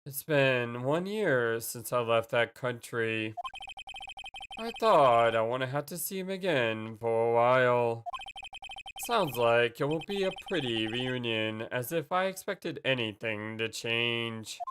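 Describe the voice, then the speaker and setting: A woman voicing a cool, aloof adult man who speaks in a calm, dry, measured way. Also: rumbling low, noisy background, heavily acted. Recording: game music playing underneath.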